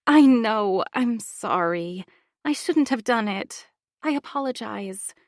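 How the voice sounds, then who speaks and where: A woman reading the part of a falsely caring adult woman in an audiobook, with a soft, sugary manner. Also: on the high side, lively intonation, takes it slowly, no echo, studio quality. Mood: apologetic. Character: sweetly concerned manipulative adult woman.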